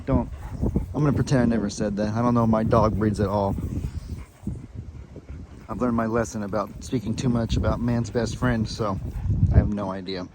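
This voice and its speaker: A man vlogging casually, chatting about his dogs and the farm. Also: heavy background noise. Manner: chatty, talks to his dogs in a high coaxing voice. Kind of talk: casual vlog chat.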